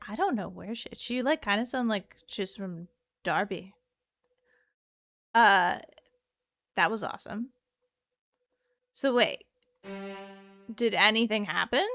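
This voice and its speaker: A woman's voice: mid-range voice, slow pace, long pauses, a bit bright. Chatty woman streaming a game. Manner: chatty, joking, laughs often. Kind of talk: casual gameplay commentary.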